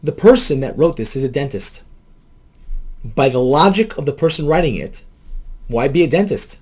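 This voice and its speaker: A man who works as a counselor speaks in an emphatic, rhetorical way. He delivers commentary at a middling pitch and often repeats key phrases for effect. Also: animated, normal speed, pauses often, darkish tone, husky.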